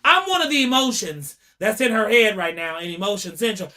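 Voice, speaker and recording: A man's voice: high-pitched, normal speed. A man giving casual, dramatic commentary, talking straight to his viewers and acting out the people he quotes. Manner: animated and dramatic, acts out quotes, talks to viewers directly. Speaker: commentary vlogger. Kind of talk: casual commentary retelling court testimony.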